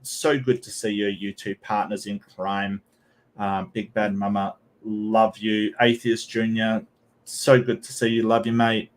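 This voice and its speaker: A man's voice: fairly low pitch, flat delivery, unhurried. A man hosting a live stream, reading posts aloud and chatting with viewers in a rambling way, with many ums and restarts. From Australia. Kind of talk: casual live-stream commentary.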